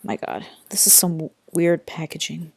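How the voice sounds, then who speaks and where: A woman's voice: low-pitched, expressive, normal speed, vocal fry, a little mellow, husky, no room sound. A young woman vlogging casually from her bedroom, chatty and rambling with lots of fillers, tired, recorded on a built-in computer mic. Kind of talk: casual unboxing vlog.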